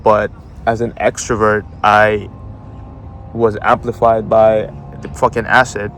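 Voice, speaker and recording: A man's voice: lowish voice, little pitch movement, slow, a bit bright, slight background noise. A young man casually telling a story, swearing a lot and using slang, laughing as he goes. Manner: profane, slangy, laughs often while telling.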